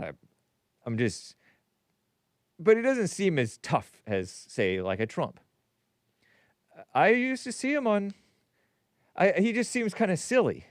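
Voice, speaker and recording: A man's voice: medium pitch, no echo, clean studio sound. A man hosting a call-in talk show, reading viewer messages and rambling with frequent restarts. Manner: rambling, animated, with frequent self-interruptions and restarts. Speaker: podcast host. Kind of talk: casual talk show monologue, reading super chats.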